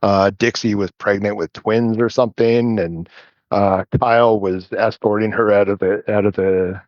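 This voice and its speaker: A man as an interview guest, telling stories in a relaxed, rambling way and chuckling often. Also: on the low side, moderate pace, dry recording, dull audio. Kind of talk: casual storytelling chat.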